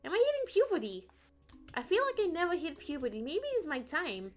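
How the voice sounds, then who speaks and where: High, sing-song woman streamer. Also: huge pitch swings, a little fast. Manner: playful, rambling, sings little ditties. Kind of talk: casual gameplay chat.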